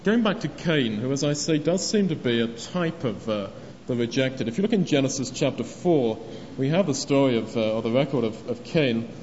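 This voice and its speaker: A man's voice: mid-range voice, animated, moderate pace, darkish tone. A man preaching a sermon, earnest in tone and acting out the speakers he quotes. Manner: earnest, acts out quoted speech. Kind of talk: sermon on a parable. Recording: long hall reverb, dull lo-fi sound, faint noise.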